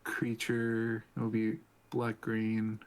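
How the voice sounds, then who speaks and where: A man chatting casually as a guest on a live stream, easygoing and quick to laugh. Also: lowish voice, completely flat delivery.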